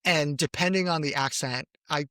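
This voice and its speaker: A man's voice: fairly high pitch, moderate pace, sharp tone, dry recording, studio quality. Chatty, giggly man podcast co-host. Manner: chatty and giggly, trails off mid-thought. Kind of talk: casual podcast chat.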